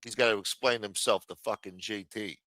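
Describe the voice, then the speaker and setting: Profane ranting man, bright voice. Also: fairly low pitch, steady tone, fairly quick, dry recording. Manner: heated, swears constantly, mocks others in raised voices. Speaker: livestream commentator. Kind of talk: casual profane rant.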